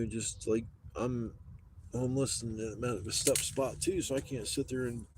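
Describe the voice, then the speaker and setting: A man's voice: mid-range voice, warm tone, slight background noise. A man on a live stream telling a story in casual talk, rambling and swearing a lot.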